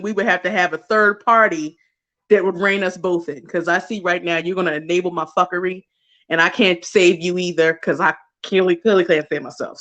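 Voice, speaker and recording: A woman's voice: lowish voice, fairly bright tone. A woman hosting a casual livestream, chatty and gushing, talking straight to her viewers with frequent laughs. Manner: talks to chat viewers directly. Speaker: livestream host.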